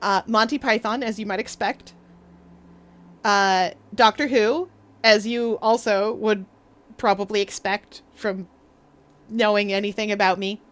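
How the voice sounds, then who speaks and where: Her voice is medium-pitched and fairly bright, with fairly even intonation, a measured pace, and frequent pauses. She's a young Maritimer chatting casually on a gaming live stream, giggling a lot and wandering into asides.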